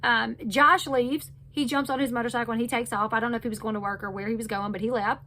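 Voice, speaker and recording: A woman's voice: a little high, fairly even intonation, fast, pushed and bright. A woman recapping a reality show in a casual, chatty way, full of fillers. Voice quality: chatty, loose retelling with many fillers. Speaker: recap host.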